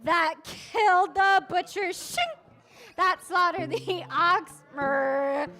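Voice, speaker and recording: Playful woman singing, high and slow. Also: steady tone, sharp tone. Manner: playful, sings and makes sound effects. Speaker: seder leader. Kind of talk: leading a sung Passover seder. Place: synagogue service. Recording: guitar music behind.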